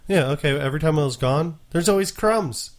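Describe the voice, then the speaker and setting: A man's voice: on the high side, lively intonation, brisk. Mock-outraged male podcast co-host. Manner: provocative, mock-outraged joking. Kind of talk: casual podcast chat.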